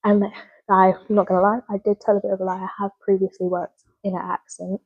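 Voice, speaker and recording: A woman's voice: mid-range voice, little pitch movement, brisk, slightly rough, phone-quality sound. A young woman, a drama student, talking through her goals in an earnest, rambling video log and often correcting herself. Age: young adult. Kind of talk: spoken reflective video log.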